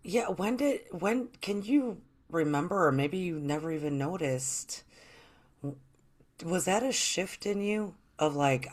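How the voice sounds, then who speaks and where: A woman's voice: fairly low pitch, lively intonation, measured pace. Chatty woman hosting an interview. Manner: earnest and chatty, rambling questions. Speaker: host.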